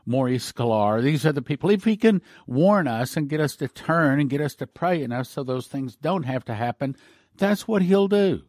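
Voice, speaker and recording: A man's voice: a little high, darkish tone, no room sound, clean studio sound. A man hosting a ministry broadcast, preaching informally and appealing for support, rambling with restarts and emotional asides. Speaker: host of a prophecy ministry broadcast.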